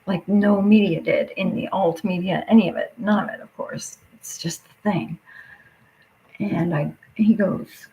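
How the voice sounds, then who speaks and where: A woman's voice: mid-range voice, steady tone, normal speed, muffled recording. A woman livestreaming an angry, profane rant that keeps dropping into muttered whispers. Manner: swears constantly, drops into muttered whispers.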